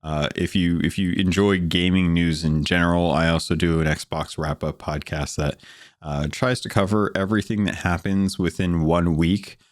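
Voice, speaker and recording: Male podcast guest, very low deep voice, relaxed rambling delivery, dry sound. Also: normal speed, no room sound. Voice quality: deep morning voice. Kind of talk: casual podcast chat.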